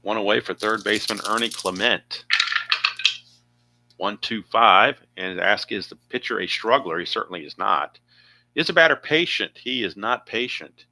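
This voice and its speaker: A man's voice: on the low side, animated, normal speed, pushed and bright, slight background noise. A man narrating his own tabletop baseball game play by play, chatty and thinking aloud with asides.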